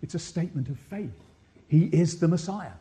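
A man preaching a sermon to a congregation, animated, with rhetorical repetition and frequent questions to his listeners. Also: on the high side, moderate pace. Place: church.

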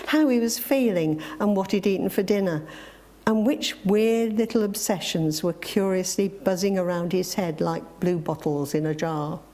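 A woman preacher with a rather low voice reads a reflective story before moving into her sermon. Her delivery is gentle, punctuated by emphatic exclamations.

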